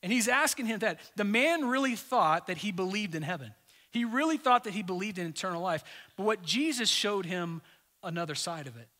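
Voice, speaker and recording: A man preaching a sermon to his congregation in a conversational, joking way, often dropping suddenly to a soft voice. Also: high-pitched, animated, fairly quick. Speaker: pastor.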